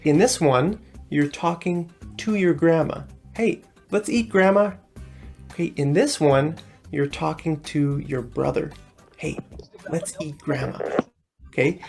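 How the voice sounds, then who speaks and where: Woman teaching in a lesson video, low and unhurried, friendly explainer. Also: a little mellow, husky. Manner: friendly, repeats "okay" often, explains slowly. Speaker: English teacher. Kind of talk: recorded English lesson video.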